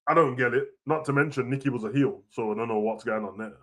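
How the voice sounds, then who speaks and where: A young man rants casually about wrestling, full of slang and swearing, swinging between low mutters and loud outbursts. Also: quick pace, few pauses. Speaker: wrestling reaction host. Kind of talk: casual rant.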